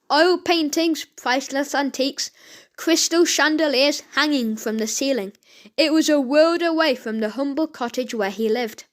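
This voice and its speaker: A woman reading a children's story aloud, halting now and then with slips and restarts. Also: high-pitched.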